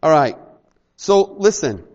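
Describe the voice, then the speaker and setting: Animated, high-voiced male preacher. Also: slow pace, highs cut off. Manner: animated, acts out little dialogues, jokes with the congregation. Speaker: pastor. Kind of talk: sermon.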